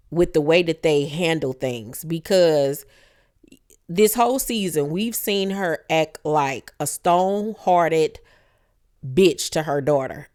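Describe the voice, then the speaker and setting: A woman's voice: low-pitched, darkish tone, clear, resonant tone. A woman casually recapping a reality show, blunt and profane, slipping into quoted voices as she retells scenes.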